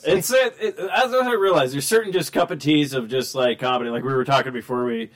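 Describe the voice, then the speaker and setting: A man's voice: mid-range voice, fairly quick, fairly bright tone. A young man in casual chat among friends, swearing freely and quoting movie lines in raised voices. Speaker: friend chatting.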